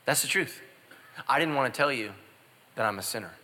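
Male pastor, comic sermon storyteller, bright and punchy, swings loud to hushed, echo of a big sanctuary. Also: brisk. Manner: animated, jumps into loud high exclamations and drops to hushed confessions.

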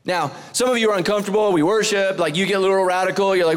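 A man in his forties preaching a humorous sermon as pastor. He jokes with the congregation, climbs to near-shouts on punchlines, and drops low and soft when he prays. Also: fast. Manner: animated, joking, rising to near-shouts on punchlines.

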